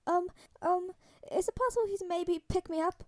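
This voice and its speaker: A nervous teenage boy in a storybook audio reading, his voice pitched up high and light, soft and shaky. He stammers and hesitates, apologetic and shy, as a woman acts him out. The tone stays mellow rather than sharp. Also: normal speed. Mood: panicky.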